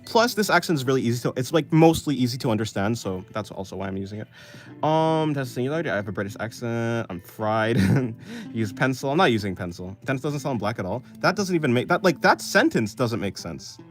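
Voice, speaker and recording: Casting: male streamer, casual live chat, rambling and self-correcting, offhand, pitch that swings up and down, faint music under him. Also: big pitch swings, a little fast. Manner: offhand, apathetic. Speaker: livestreamer answering chat.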